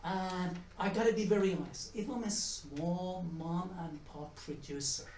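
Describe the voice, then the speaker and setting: This economics professor's conference talk comes through a mic far away in an echoey room, where he addresses an audience. His voice is high-pitched, steady, unhurried, and a little mellow. He jokes, chats, and repeats or restarts his words.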